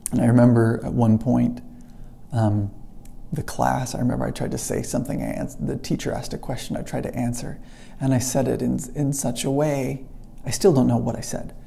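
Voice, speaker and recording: A middle-aged man with a very dark, mellow voice and a gravelly edge tells a personal story straight to camera. He speaks earnestly, as a teacher looking back on his own struggle. At the emotional points he slows right down and goes quiet. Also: mid-range voice, level tone, a little hiss or hum. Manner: earnest, slows down and drops to a hush at emotional moments. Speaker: English teacher.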